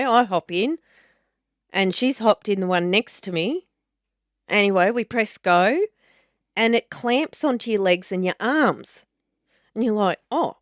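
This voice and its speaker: A woman's voice: mid-range voice, no room sound, clean studio sound. A woman co-hosting a podcast, telling a story in a chatty way and laughing often. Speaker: podcast co-host. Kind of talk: casual chat.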